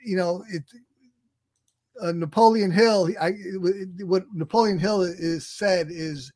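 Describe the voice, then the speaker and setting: A man with a notably high speaking voice talks through his ideas in a casual interview. He restarts sentences often and chuckles along the way. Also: a little mellow. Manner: halting, many restarts, laughs often. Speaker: guest, self-help software founder. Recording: radio show interview.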